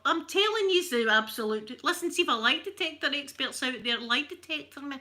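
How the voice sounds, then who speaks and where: Bright chatty Scottish woman. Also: sits high, animated, brisk, hardly any pauses. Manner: chatty rambling storyteller, laughs often. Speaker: channel host. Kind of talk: casual chat.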